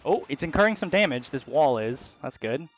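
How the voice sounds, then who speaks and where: A man giving casual commentary as he plays a video game, excitable and swearing freely. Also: on the high side, normal speed, faint music behind. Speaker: let's play host.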